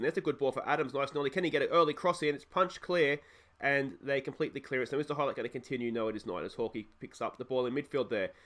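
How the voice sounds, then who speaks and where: Australian man, hoarse with a cold, casual game commentary, slightly high voice, rambling, bursts of excitement. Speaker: let's play host.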